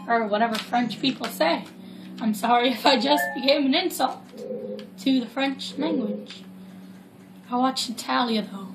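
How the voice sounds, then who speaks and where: A high-pitched woman rambles through casual let's play commentary and tosses in jokey asides, never in much of a hurry. She is recorded in an echoey room, with game music playing clearly behind her. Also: measured pace, long pauses. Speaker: gameplay commentator. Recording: roomy echo with loud game music.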